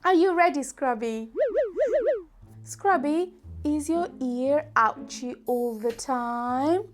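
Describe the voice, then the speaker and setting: A woman hosting a preschool lesson as a doctor, speaking gently in a slow, exaggerated, sing-song way. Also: sits high, soft background music. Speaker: children's show host, doctor.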